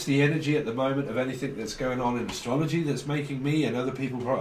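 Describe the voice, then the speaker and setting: A man's voice: medium pitch, fast, hardly any pauses, a little mellow, roomy sound, distant mic, a little hiss or hum, low-quality recording. A man giving a casual tarot reading, rambling and blunt, swearing freely. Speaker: tarot reader.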